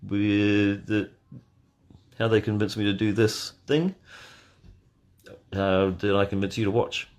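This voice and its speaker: A man hosting a casual live watch party from bed, answering chat questions in a deadpan, joking way. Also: fairly low pitch, slow, pauses often. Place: in bed at home. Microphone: phone.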